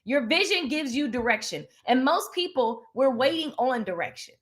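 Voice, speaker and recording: A woman's voice: sits high, animated, moderate pace. A woman hosting a motivational livestream, sassy and preachy, repeating lines for emphasis. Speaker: livestream host.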